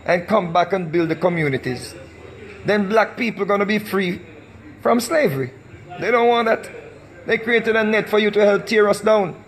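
Impassioned Jamaican man ranting. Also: high voice. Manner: emphatic, repetitive, preaching. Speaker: recording artist. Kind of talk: impassioned vlog rant.

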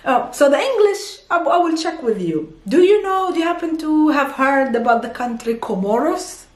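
A woman with an Arabic accent teaching an online language lesson, enthusiastic and giggly, slowing down to pronounce words carefully. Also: high-pitched, expressive, reverberant.

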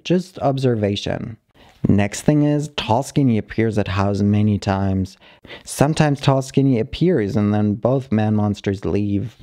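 Low, mellow man reading a story. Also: no room sound, clean studio sound. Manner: calm, unhurried reading in the halting first-person voice of a dog. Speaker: channel host reading a short story aloud.

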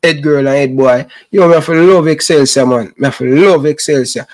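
A man's voice: a little high, a little fast, darkish tone. A middle-aged man from Jamaica with a Jamaican accent, hosting his own sports channel and talking straight to his viewers in an impassioned, preachy Patois. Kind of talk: casual rant to camera.

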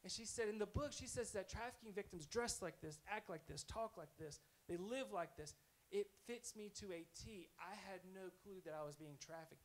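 Man, preacher, sermon storytelling, earnest, casual tone, higher voice. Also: moderate pace, rough recording. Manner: conversational, earnest, self-correcting.

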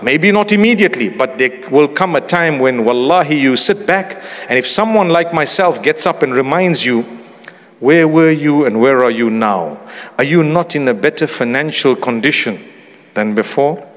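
A middle-aged man delivering a sermon, his pitch high and swinging widely as he speaks. He talks in a humorous, conversational way with Arabic phrases mixed in, and a long reverb trails after each word. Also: expressive, normal speed, fairly bright tone. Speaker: Islamic preacher.

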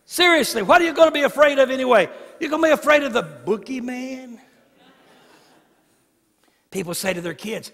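A man with a high voice preaching in a church sanctuary, where his words ring out with a long echo. He tells stories in a hushed voice and then builds to shouting. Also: lively intonation, normal speed, long pauses. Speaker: guest preacher. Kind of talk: sermon. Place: church sanctuary, live service.

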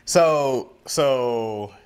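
A man's voice: mid-range voice, drawn-out words, clear, resonant tone. A man co-hosting a loose, unfiltered podcast, his voice sitting in an ordinary middle register. He spins stories animatedly, slipping into the voices of the people he quotes and breaking into laughter. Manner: animated storyteller, acts out quoted lines, laughs often. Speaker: podcast co-host. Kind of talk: casual storytelling chat.

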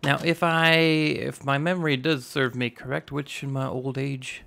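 A man in his twenties with a slightly raspy voice, casually narrating a building game and rambling as he goes. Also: mid-range voice, little pitch movement, unhurried, fairly bright tone, slight background noise. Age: 20s. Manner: rambling, self-teasing, narrates each step aloud. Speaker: gaming YouTuber. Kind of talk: casual Minecraft let's play commentary.

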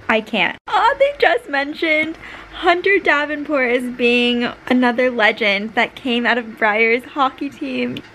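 A young woman chatting casually in a reading vlog at home, excited and gushing, with lots of "like" in her speech. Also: medium pitch, slight background noise. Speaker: book vlogger. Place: home, cozy room with rain and fire ambience playing.

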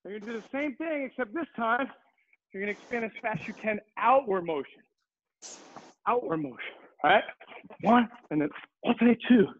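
A man's voice: high voice, animated, fairly quick, long pauses, slight background noise. A male guest martial arts instructor leading an online fitness class, calling out drills with upbeat coaching. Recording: tinny video-call audio.

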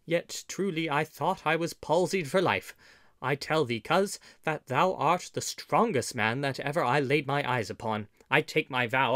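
A man's voice: on the high side, fairly bright tone, no room sound, clean studio sound. A man voicing a bold, boisterous outlaw leader in an audiobook, speaking with hearty, emphatic old-fashioned speech. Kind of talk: audiobook character reading.

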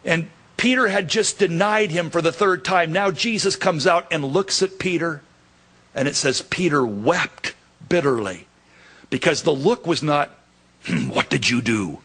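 A man pastor preaching a sermon, acting out dialogue in quotes with animated delivery. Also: on the high side, a little slow, breathy edge.

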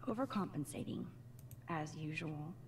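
A woman's voice: low voice, moderate pace, slight background noise, close to an everyday voice. A woman voicing a teenage girl in a video game who pieces together clues with dry, sarcastic asides. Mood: musing. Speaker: game character.

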